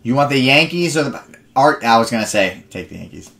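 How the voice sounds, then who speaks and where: A man's voice: mid-range voice, lively intonation, fairly quick, creaky, a bit bright. Young man, card break host, chatty and rambling, live stream talk. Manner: rambling, chatty storytelling between picks.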